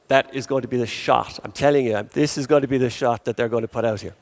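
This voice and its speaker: A man's voice: medium pitch, steady tone, fast talker, few pauses. A man with an Irish accent moderating a conference panel on stage, chatty and joking as he works the crowd. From Ireland. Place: large conference hall. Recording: long hall reverb.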